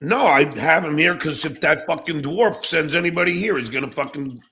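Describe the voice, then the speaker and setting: A middle-aged man hosting a live stream, delivering a blunt, profane rant that breaks into shouts. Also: fairly high pitch, a little fast, gravelly, slightly rough. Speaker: show host.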